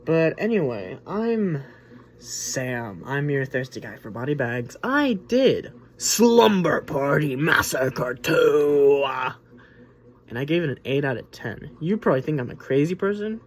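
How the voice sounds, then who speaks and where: A man hosts a laid-back movie review, his mid-range voice sing-song and a little mellow at a moderate pace. He rambles informally, restarting a lot and sprinkling in "like" and "you know." Some slight hiss or hum can be heard.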